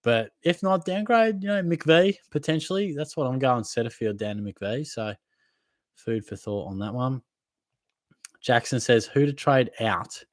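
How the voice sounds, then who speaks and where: A man's voice: mid-range voice, a bit bright, dry recording, studio quality. A young Australian man hosting a casual live Q&A, reading viewer comments in a laid-back, matey way. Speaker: fantasy football livestream host.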